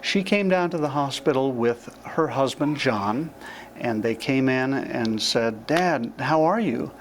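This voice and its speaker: A man's voice: mid-range voice, unhurried, slight background noise. Man fondly recalling his father. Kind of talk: storytelling anecdote.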